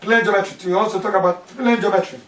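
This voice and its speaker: A man's voice: high voice, fairly even intonation, fast, a bit bright. A man teaching a maths class, repeating key terms and asking questions aloud. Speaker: mathematics teacher. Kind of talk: classroom lesson. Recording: echoey room from far off with faint background noise.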